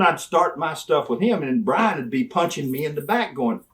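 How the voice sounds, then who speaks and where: With a distant mic, an older man's medium-pitched voice comes through at a moderate pace with few pauses. As a guest in a storytelling interview, he relates wrestling stories, loudly and animatedly acting out old exchanges with gusto.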